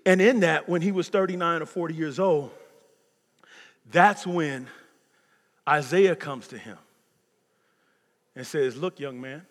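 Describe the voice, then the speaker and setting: A man in his fifties preaching a sermon as pastor, swinging from loud preaching to hushed near-whispers. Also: on the high side, slow, long pauses. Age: 50s. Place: church sanctuary. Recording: long hall reverb.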